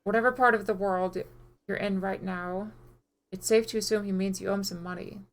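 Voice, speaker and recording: A woman streaming a game, reading its dialogue aloud in a flat voice with casual, profane asides. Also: mid-range voice, brisk.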